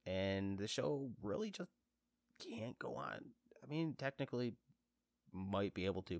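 A man vlogs casually about a series he loves, rambling with fillers and restarts. His low voice swings widely and animatedly in pitch. The recording is dry and close, with no room sound. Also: no echo. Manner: rambling and fan-enthusiastic, with many fillers and restarts. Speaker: vlogger reviewing a TV series. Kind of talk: casual chat to camera.

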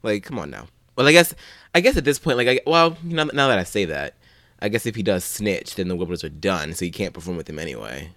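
A man's voice: sits low, sing-song, quick pace, a bit bright, dry recording, clean studio sound. A man co-hosting a podcast who gives blunt, profane, sarcastic commentary. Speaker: podcast co-host. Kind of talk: casual recap chat.

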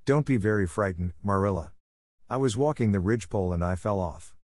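A man's voice: lowish voice, brisk, darkish tone, dry recording, lightly acted. A man reading the lines of an imaginative, dramatic orphan girl in a storybook, earnest, solemn and wordy.

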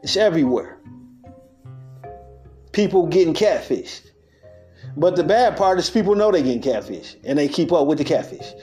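A man's voice: a little high, expressive, moderate pace, long pauses, a little mellow. Street-talking man musing over faint music. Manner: street-talking, laughs often, acts out quotes. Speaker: podcast host. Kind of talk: loose spiritual monologue.

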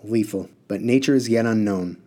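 A man voicing a curt, soft-spoken male plant creature in a storybook reading, speaking in short clipped phrases. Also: fairly low pitch, normal speed, close to an everyday voice.

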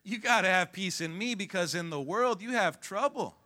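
A man preaching a sermon as pastor, calling out to the congregation to respond and rising to shouts at the peaks. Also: high voice, animated, normal speed. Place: church sanctuary.

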